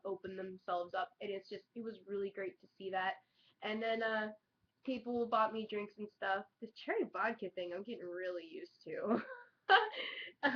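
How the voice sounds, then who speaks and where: A young woman vlogging in casual chat, excitable and chatty, peppering her talk with "like" and swearing. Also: medium pitch, slight background noise. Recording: dull lo-fi webcam audio.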